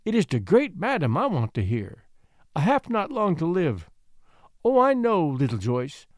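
A man's voice: fairly high pitch, wildly swooping pitch, a little slow, no echo, studio quality. A man voicing a dying little French girl with a French accent, speaking broken English through tears. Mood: sobbing.

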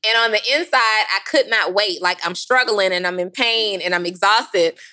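Bright-voiced woman telling a lively story. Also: mid-range voice, normal speed. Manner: animated, acts out voices, laughs often. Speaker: podcast co-host. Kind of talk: casual storytelling chat.

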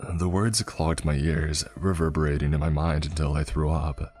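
Man narrating dark fantasy, extremely deep, husky, grave, soft music under. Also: steady tone, moderate pace, few pauses. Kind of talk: first-person dark fantasy story narration.

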